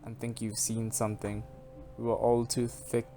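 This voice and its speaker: Man voicing a bitter grieving sister, low voice, cold, scornful, faint music. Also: monotone, normal speed, dark tone, natural voice. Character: bitter woman defending her dead sister. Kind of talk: reading game dialogue aloud.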